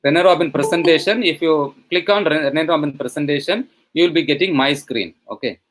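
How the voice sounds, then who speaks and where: Indian man giving a halting webinar demo. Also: a little high, a little hiss or hum, poor audio. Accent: Indian English. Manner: halting, many fillers and restarts. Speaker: webinar resource person, professor. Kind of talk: live online teaching demonstration. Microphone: computer mic on a video call.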